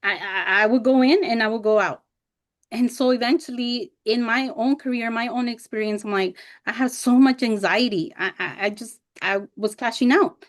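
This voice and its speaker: A woman's voice: fairly high pitch, normal speed. A woman in her thirties presenting a teacher workshop over a video call, telling personal stories candidly and expressively, sometimes getting emotional. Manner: candid and expressive, acts out past remarks in animated voices; emotional when recalling hard times.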